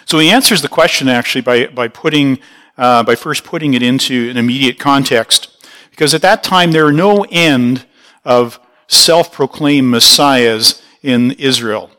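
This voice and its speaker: A male pastor teaching a Bible passage verse by verse, at an ordinary pitch for a man. His tone is bright and forward. He explains as he goes, pausing to restart a phrase now and then.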